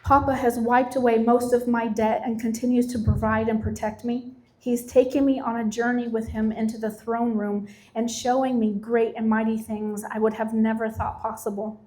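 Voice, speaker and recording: A woman's voice: on the high side, little pitch movement, a little mellow. Earnest woman giving a faith testimony. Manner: earnest, reads scripture with slow emphasis. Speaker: testimony speaker.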